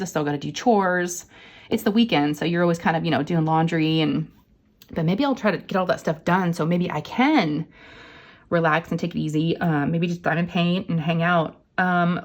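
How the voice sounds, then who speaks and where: A woman, chatting casually and rambling through stories to her viewers while she crafts. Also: lowish voice. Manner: chatty, rambling storyteller addressing viewers as y'all. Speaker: crafting vlogger. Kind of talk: casual chat while diamond painting.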